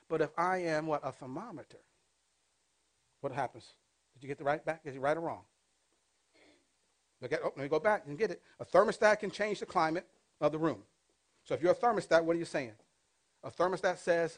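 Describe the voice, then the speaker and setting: Preaching briskly with frequent pauses, a pastor in his fifties speaks in a fairly high voice. He alternates between loud and hushed delivery and puts call-and-response questions to the congregation.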